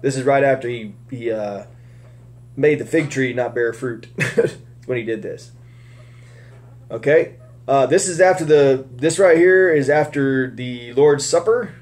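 A man's voice: medium pitch, unhurried, a little mellow. A man giving casual Bible teaching, rambling with many restarts and fillers.

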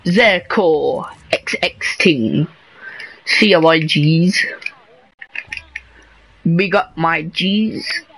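A man chatting with friends while he plays a battle royale game, yelling and taunting his teammates and repeating himself quickly. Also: on the high side, vocal fry, slightly rough. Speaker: gamer streaming his match. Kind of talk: excited gameplay chat with friends.

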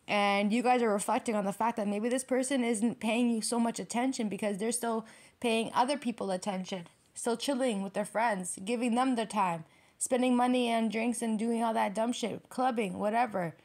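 A woman's voice: a little high, fairly even intonation, moderate pace, a little mellow. Blunt, profane woman tarot reader. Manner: blunt and profane, repeats phrases for emphasis; breaks into laughter. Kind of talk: casual tarot reading to camera.

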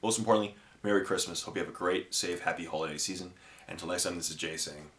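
Deep-voiced man, emotional and halting. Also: steady tone, fairly bright tone, reverberant, a little hiss or hum. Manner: emotional, effusive and halting, with many restarts. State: close to tears. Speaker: miniature wargaming channel host. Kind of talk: casual unboxing vlog.

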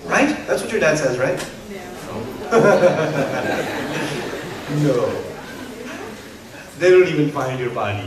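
A man preaching a sermon to parents, animated and humorous, acting out parents and kids. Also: a little high, takes it slowly, pauses often, a loud crowd. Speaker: Muslim preacher. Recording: roomy hall echo from a distance.

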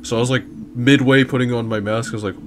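A man's voice: medium pitch, steady tone, quick pace. A man hosting a casual gaming stream, joking around with a friend and laughing often. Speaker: gaming channel host. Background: game music.

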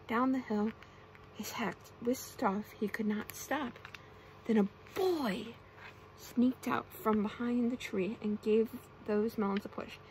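A woman's voice: on the high side, slight background noise, poor audio. Woman reading bedtime stories, whispered role-play. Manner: soft, often whispered reading with playful character voices. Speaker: ASMR storyteller.

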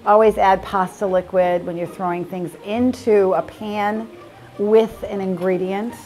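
A woman's voice: mid-range voice, fairly even intonation, measured pace, a little mellow. A woman hosting a casual cooking demonstration, chatty and playful with upbeat asides. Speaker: cooking show host.

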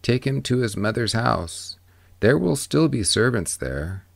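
A man reading the part of a wise old ferryman who speaks calmly, with gentle, measured questions. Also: mid-range voice, creaky, no echo, exaggerated voice. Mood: counseling. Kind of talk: audiobook reading.

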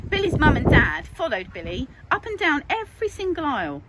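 A woman with an English accent, a primary school teacher, reading a picture book aloud to children in an expressive, sing-song way. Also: high voice, fairly quick, few pauses. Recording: noisy home recording.

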